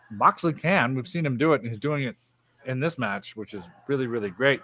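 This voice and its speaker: A young man co-hosting a casual wrestling podcast over a remote stream. He talks in an animated way, laughs often and drops into goofy voices for quotes. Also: mid-range voice, fairly quick. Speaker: podcast co-host. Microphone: remote stream mic.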